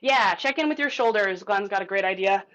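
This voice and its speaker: Over a dull, lo-fi video call, a woman with a mid-range, fairly bright voice leads a group voice lesson at a brisk clip. She keeps it casual and encouraging, sprinkling in filler words and demonstrating vocal sounds.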